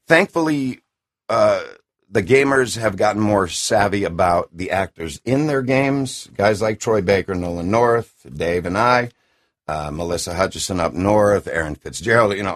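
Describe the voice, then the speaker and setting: A middle-aged man with a deep classic announcer voice, a video game voice actor chatting enthusiastically and rambling in an interview. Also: expressive, measured pace. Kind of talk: casual interview chat.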